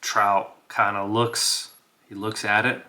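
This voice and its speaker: Casting: relaxed solo-game narrator, male, unhurried and easygoing. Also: fairly low pitch. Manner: relaxed, laughs, talks to himself about rolls. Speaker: game master and player.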